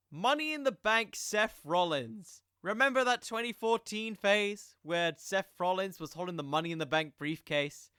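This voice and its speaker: A young man talks through a podcast episode in a loose, rambling way and keeps wandering off onto tangents. His voice sits high and bright and swings widely in pitch. The recording is dry and close, with no room sound. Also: clear, resonant tone, no room sound. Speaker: podcast host. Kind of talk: casual podcast monologue.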